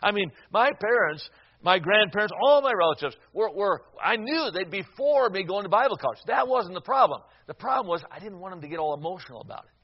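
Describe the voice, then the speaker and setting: Older man, high voice, sermon storytelling, stammering restarts, loud-to-hushed swings, muffled recording. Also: lively intonation, fairly quick, slightly rough. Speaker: preacher.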